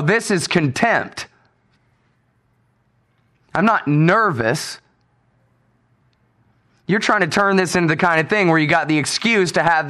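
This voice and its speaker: An American man hosting a radio show, delivering an indignant, sarcastic solo rant with loud outbursts and swearing. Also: on the high side.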